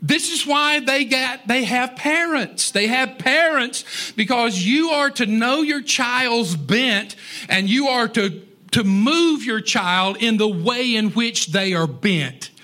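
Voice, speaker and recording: A man delivers a sermon in a high, bright voice. He talks in a folksy, conversational way and drops joking asides to his congregation. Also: lively intonation, takes it slowly. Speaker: preacher. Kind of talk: sermon on parenting.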